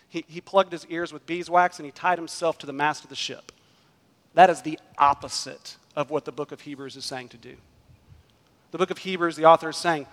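A man delivers a sermon from the pulpit in a slightly raised voice. He preaches emphatically, pushing some phrases loud and letting others fall quiet. His voice rings with the long reverb of a large hall. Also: on the high side. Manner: emphatic preaching, rising and dropping in volume. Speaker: pastor.

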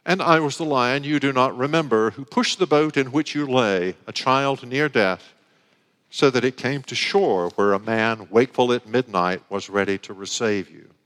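A man reading aloud as a vast, deep-voiced lion, calm, solemn and gentle, speaking slowly and gravely. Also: natural voice. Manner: slow, grave and measured. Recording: reverberant church hall.

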